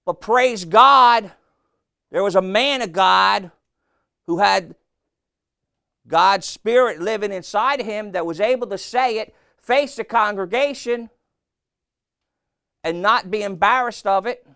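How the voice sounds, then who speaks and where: A man's voice: sits high, takes it slowly, pauses often, sharp tone, clean tone, no room sound, studio quality. A man preaching a sermon in a blunt, folksy way, often throwing questions back at the congregation. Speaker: pastor.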